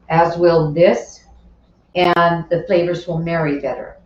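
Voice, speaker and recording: In her home kitchen, a woman runs a live cooking class, chatting as she explains each step and tosses in asides while she works. Her voice is lowish, fairly even and slow. The sound is roomy, distant and dull, with faint kitchen noise behind her.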